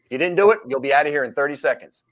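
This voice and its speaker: Animated man acting out street scenes. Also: on the high side, racing. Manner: animated, acts out street scenarios with voices. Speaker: host, former police officer. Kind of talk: casual live-stream chat.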